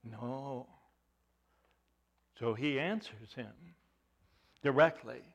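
A man preaching a sermon, telling the story dramatically with rhetorical questions, swinging from loud emphasis to hushed tones. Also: fairly high pitch.

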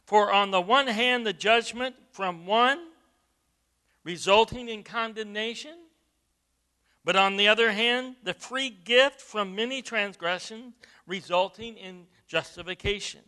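A man preaching a sermon, emphatic, with repeated words and loud stressed phrases. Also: sits high, unhurried, smooth.

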